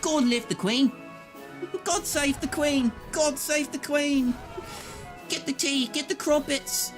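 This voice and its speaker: A man voicing a flustered British soldier in a high, hammy mock accent over game music. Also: steady tone, drawn-out words, full character voice. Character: flustered male British soldier, panicky and blustering.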